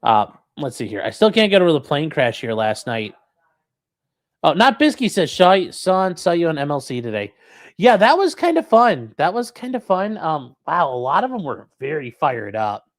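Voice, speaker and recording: Young man, livestream host, casual rambling chat, animated up-and-down voice. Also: a little high, moderate pace. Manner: rambling, jokey, reads chat aloud. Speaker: call-in show host. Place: home room with carpet.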